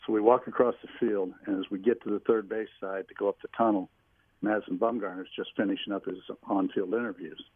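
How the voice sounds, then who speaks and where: A man's voice: lowish voice, fairly even intonation, quick pace, slightly rough, no room sound. Man telling stories over a phone line. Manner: rambling storyteller with restarts. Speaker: guest telling stories, former team staffer. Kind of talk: phone-in radio interview, anecdotes. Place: small home office.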